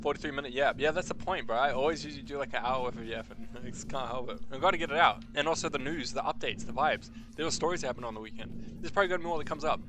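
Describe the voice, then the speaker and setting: A man's voice: medium pitch, very fast, noisy background. A man from New Zealand streaming a game, chatting with his viewers in a rambling, slangy way, swearing freely and calling them bro. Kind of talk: casual game stream chat.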